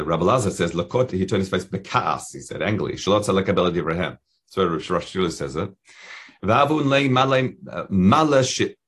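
A man with a low, husky voice leads a relaxed study session. He reads short Hebrew and Aramaic phrases aloud and then explains each one in plain English. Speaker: Talmud teacher. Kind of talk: casual study lesson.

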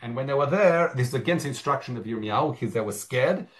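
Lively man teaching a Talmud lesson. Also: medium pitch, fast talker. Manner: reads Aramaic phrases then explains them in English, with frequent fillers and restarts. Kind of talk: Talmud study lesson, reading and translating.

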